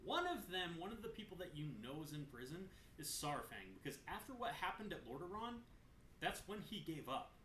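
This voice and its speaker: A man hosts a casual lore recap, animated and blunt, and he swears as he goes off on tangents. His voice sits fairly high, swings a lot, and sounds bright. The recording is roomy, with a faint hum underneath. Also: a little fast. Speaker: gaming lore video host. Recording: roomy echo, faint room noise.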